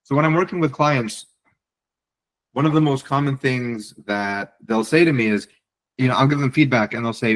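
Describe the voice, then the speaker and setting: A man's voice: medium pitch, moderate pace, fairly bright tone, rough recording. A man presenting a webinar, a psychiatry fellow giving direct, encouraging writing advice over a video call, often repeating words as he restarts.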